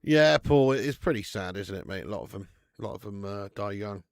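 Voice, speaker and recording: Gravelly, sweary bloke hosting a watch-along. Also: male voice, lowish voice, expressive, fairly quick, no echo, studio quality. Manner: sweary, laughing banter with chat. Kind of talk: live football watch-along chat with viewers.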